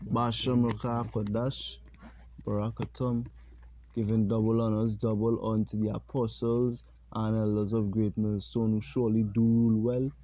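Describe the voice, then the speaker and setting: A man teaching a religious lesson, reading scripture slowly and deliberately and pausing to comment. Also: mid-range voice, mellow, slight background noise.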